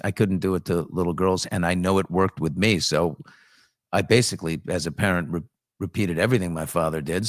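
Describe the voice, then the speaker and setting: A man's voice: low voice, no room sound, studio quality. A male podcast host chatting casually, telling stories and jokes candidly and swearing freely. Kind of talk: casual chat and joke telling.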